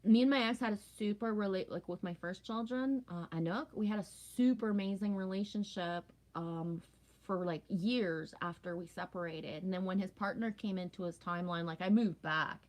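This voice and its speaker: A woman's voice: mid-range voice, normal speed, a little mellow. Rambling woman chatting casually with viewers. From Canada. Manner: rambling, talkative, frequent "right?" and "you know what I mean". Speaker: live stream host.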